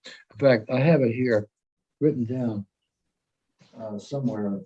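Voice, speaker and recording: A man's voice: mid-range voice, unhurried, mellow, breathy edge, highs cut off. A man in his eighties, from the United States, giving an emphatic, rambling talk over a video call. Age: 80s. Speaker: senior devotee speaker. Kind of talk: informal talk in a meeting.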